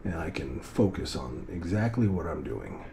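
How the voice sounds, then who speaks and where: A man's voice: low voice, big pitch swings, normal speed, gravelly, warm tone. A middle-aged man, an airline pilot, talking earnestly and reflectively to his daughters in a loosely rambling vlog monologue.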